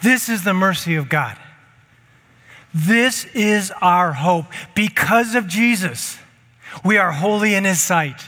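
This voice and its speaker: A man's voice: high-pitched, pushed and bright, in a large hall. A man preaching a sermon as pastor, speaking emphatically, repeating key phrases and leading the congregation to speak lines back. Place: church sanctuary.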